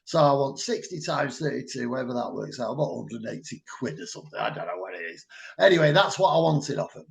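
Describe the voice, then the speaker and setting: A man with a Mancunian accent, co-hosting a chat show and telling a story loudly and bluntly. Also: mid-range voice, fast talker, vocal fry. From Manchester, England. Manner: animated storytelling, loud and blunt. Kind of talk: casual chat.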